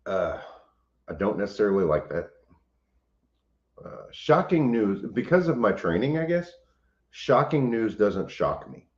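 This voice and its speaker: Deep-voiced man, casual livestream. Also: very animated, measured pace, long pauses. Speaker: homestead channel host. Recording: roomy, slightly dull sound.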